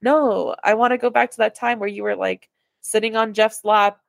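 A young woman co-hosting a podcast in casual chat, talking quickly through stories with lots of filler words. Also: medium pitch, creaky, no echo, clean studio sound. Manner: chatty, heavy on fillers, animated retelling. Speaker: podcast co-host.

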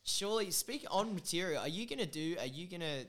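A man's voice: high voice, expressive, a little fast, very noisy. An Australian man, a music producer and DJ, chatting casually as a podcast guest, swearing freely and laughing often. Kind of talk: casual chat.

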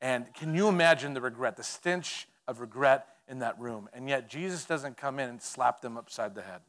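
A man preaching a sermon as pastor, telling the story in an animated way, joking with the congregation and swinging from loud to hushed. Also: medium pitch, normal speed. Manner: conversational and playful with the congregation.

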